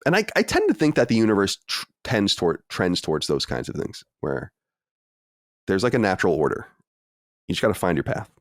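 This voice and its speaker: Deep-voiced man hosting a podcast. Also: huge pitch swings, brisk, no room sound, studio quality. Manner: loose, rambling, self-deprecating. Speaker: podcast host. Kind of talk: casual podcast chat.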